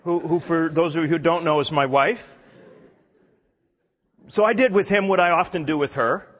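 A man preaching a sermon with emphatic force, often backing up and restarting his sentences. His voice is husky and slightly breathy. The recording is dull and carries a long hall reverb. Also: fairly high pitch, normal speed. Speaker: pastor. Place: church hall.

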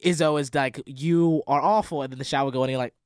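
A man with a smooth, resonant voice chatting about college basketball. He talks in an earnest, reflective way, drawing out his favorite moments. The sound is close and dry. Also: medium pitch, little pitch movement, racing, no echo. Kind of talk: casual sports chat.

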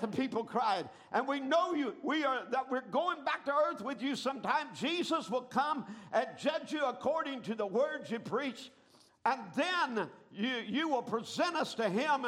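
A man preaching a sermon, telling a story dramatically and breaking into shouts at its high points.

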